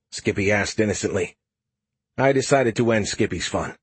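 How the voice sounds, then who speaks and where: A man's voice: on the low side, moderate pace, breathy edge, no echo. A man reading first-person narration for an audiobook with a wry, self-deprecating manner, close to the mic.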